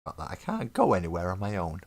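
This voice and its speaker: A man's voice: low-pitched, huge pitch swings, fast talker, vocal fry, a little mellow. A man chatting casually on a live painting stream, rambling and joking with viewers at his desk. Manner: rambling, joking, self-deprecating banter with chat. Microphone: desk mic on live webcam stream.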